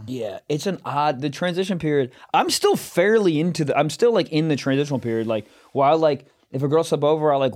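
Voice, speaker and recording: A man's voice: a little high, animated, quick pace, hardly any pauses, a little mellow. A man co-hosting a comedy podcast, laid-back and laughing, trailing into mumbles as he tells stories. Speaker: podcast co-host. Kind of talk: casual comedic chat.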